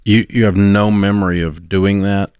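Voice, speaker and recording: A man's voice: fairly low pitch, fairly even intonation, normal speed, a little mellow, smooth, no echo, clean studio sound. A middle-aged man hosting a call-in advice show, folksy, blunt and encouraging. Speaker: radio show host giving advice. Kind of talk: call-in radio advice talk.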